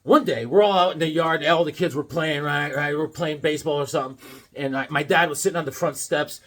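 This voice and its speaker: A middle-aged comic book collector with a slightly high voice chats quickly and casually while showing off his comics. He tells stories animatedly, acts out voices, and laughs often.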